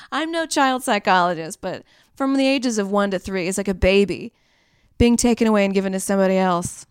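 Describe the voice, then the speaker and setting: A woman's voice: medium pitch, fairly quick, clean tone, no room sound, studio quality. A woman co-hosting a podcast in casual, rambling chat, laughing often and swearing easily. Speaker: podcast co-host.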